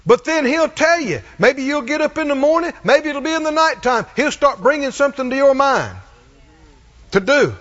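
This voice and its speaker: Very high-voiced man preaching in a hall. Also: expressive, moderate pace, fairly bright tone. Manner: emphatic call-and-response preaching. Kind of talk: sermon. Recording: muffled recording in a reverberant hall.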